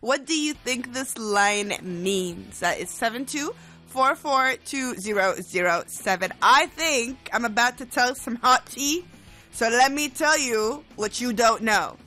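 A woman's voice: fairly high pitch, expressive, measured pace, pushed and bright, soft background music. A woman hosting a radio show who chats playfully and laughs often. She has a cold. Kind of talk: casual on-air chat.

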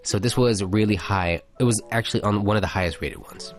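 Laid-back low-voiced man co-hosting. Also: fairly quick, soft background music. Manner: laid-back, reads jokes aloud, laughs along. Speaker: radio show co-host. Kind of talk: casual radio chat, reading listener messages and jokes.

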